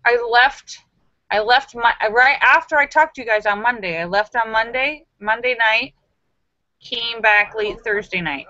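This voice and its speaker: A chatty woman hosts a live stream in a casual, laughing way, with a bright, forceful voice. The sound is dry and close, with a slightly dull, lo-fi edge. Her voice sits a little high for a woman. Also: unhurried, dry recording. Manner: chatty, laughs often, acts out quoted voices. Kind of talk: casual live chat telling jokes.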